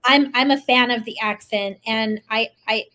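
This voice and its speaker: A woman's voice: fairly high pitch, fairly even intonation, moderate pace, sharp tone. A woman hosting an interview, affirming and encouraging her guest. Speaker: host. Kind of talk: casual interview.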